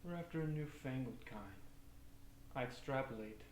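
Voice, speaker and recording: A man's voice: medium pitch, moderate pace, roomy sound, slight background noise, natural voice, low-quality recording. A man playing a dry, formal-speaking detective's assistant in a comedy web drama. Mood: deadpan. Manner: deadpan, wordy and formal. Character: dry, deadpan adult male detective's assistant.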